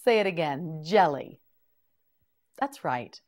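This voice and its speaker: Slow, lively-voiced woman teaching English words. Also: sits low. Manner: slow, deliberate, repeats each word with encouraging prompts. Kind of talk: scripted vocabulary drill for beginners.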